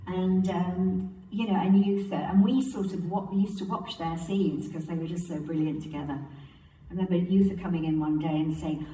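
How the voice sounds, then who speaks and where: Older English actress telling lively anecdotes. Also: female voice, lowish voice, moderate pace, far from the mic. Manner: animated storyteller, acts out quotes and laughs often. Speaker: actress interviewee. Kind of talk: relaxed anecdotal interview. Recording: roomy, off-mic, faint background hiss.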